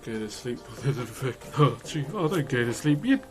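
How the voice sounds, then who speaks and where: Over music, a young man with a New Zealand accent speaks at medium pitch and moderate pace in a sing-song way. He chats casually on a live stream while carving wood, joking, swearing, and laughing often.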